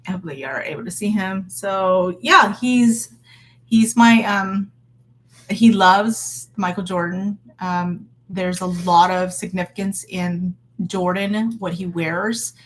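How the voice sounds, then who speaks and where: A woman in her thirties vlogs casually and earnestly about faith, encouraging her viewers amid plenty of fillers and restarts. Her voice is lowish and a bit bright, with a little hiss or hum in the background.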